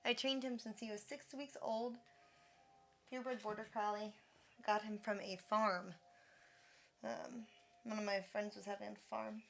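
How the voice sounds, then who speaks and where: A woman livestreaming, chatting casually, thanking subscribers and talking in a high sing-song baby voice to her dog. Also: flat delivery, unhurried, vocal fry, long pauses, a bit bright, a little hiss or hum.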